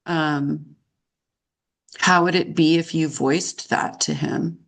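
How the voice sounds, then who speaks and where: A woman practicing as a counselor, calmly paraphrasing and reflecting back what she hears. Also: low-pitched, slow, vocal fry. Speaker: counselor in training.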